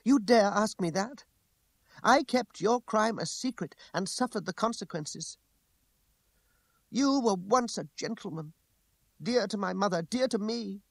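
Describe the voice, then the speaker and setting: A man's voice: medium pitch, lively intonation, normal speed, gravelly, no echo. A man reading an audiobook, raising his voice to play a proud young woman who speaks with bitterness and contempt. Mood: bitter fury.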